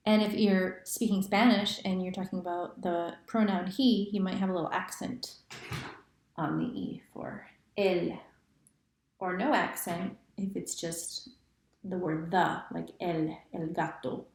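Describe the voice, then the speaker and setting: A woman's voice: on the low side, fairly even intonation, a little slow, a little mellow, a little hiss or hum. A woman teaching cursive handwriting, chanting the stroke names step by step. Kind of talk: handwriting lesson. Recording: echoey room.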